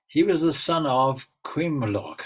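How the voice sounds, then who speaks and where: A man, a swami, giving an informal spiritual talk and telling stories in a relaxed, musing way with frequent asides. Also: a little high, slow pace, slightly rough, low-quality recording. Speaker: swami leading a spiritual gathering.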